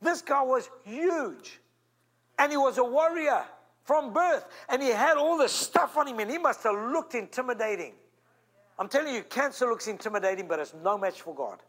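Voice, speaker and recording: A man's voice: very high voice, lively intonation, moderate pace, fairly bright tone. A man, the senior pastor of a church, preaching an emphatic storytelling sermon with sudden rises and drops. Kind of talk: animated sermon.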